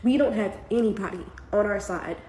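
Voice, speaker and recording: A woman, a mother, giving emotional vlog commentary while trying not to cry, her talk earnest and halting. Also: medium pitch, dark tone. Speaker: parent commenting on the news. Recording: echoey room with faint background noise.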